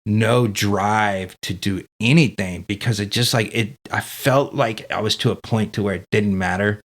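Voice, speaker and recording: Low-voiced man, candid and profane. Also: moderate pace. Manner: candid and profane, heavy with fillers like dude and man. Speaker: podcast guest. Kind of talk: casual storytelling.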